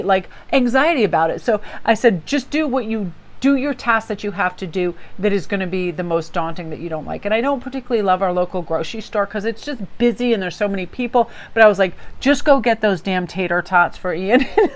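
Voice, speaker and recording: A woman giving a casual daily tarot reading from home, upbeat and chatty, rambling through stories and laughing often. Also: mid-range voice. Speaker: tarot reader. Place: home workspace with table.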